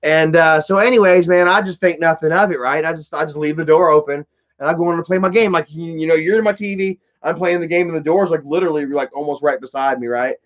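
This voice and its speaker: A high-voiced man talks casually to his live stream chat, rambling through a story with plenty of swearing, fillers and restarts. The sound is slightly dull and lo-fi. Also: quick pace.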